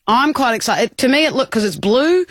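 A woman's voice: a little high, lively intonation, moderate pace, no room sound, clean studio sound. A woman with an Australian accent, chatting playfully as a radio co-host. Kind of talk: casual banter on radio.

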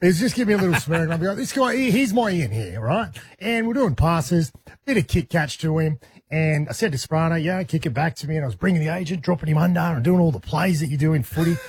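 An Australian man co-hosting a radio show, telling an animated story in casual banter. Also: a little high, fast, slightly rough.

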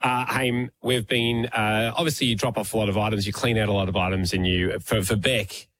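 Low-voiced man telling stories. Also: steady tone, brisk, a bit bright, soft background music. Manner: dry storytelling, chuckles at own jokes. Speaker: podcast co-host. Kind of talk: casual chat, reading listener emails.

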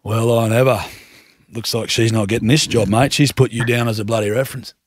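A man's voice: medium pitch, steady tone, fairly quick, no echo, studio quality, voice pushed down, natural voice. A man voicing a blokey rural stock agent with a broad rural Australian accent and a laid-back, drawling country manner, on a prank phone call. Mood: mock stern.

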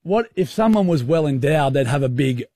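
A man's voice: a little high, lively intonation, normal speed, warm tone, dry recording, studio quality. A man hosting a radio quiz, teasing contestants along with cheeky hints.

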